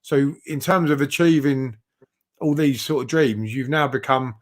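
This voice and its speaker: Man, interviewer, casual chat, reassuring, encouraging, mid-pitched. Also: a little slow.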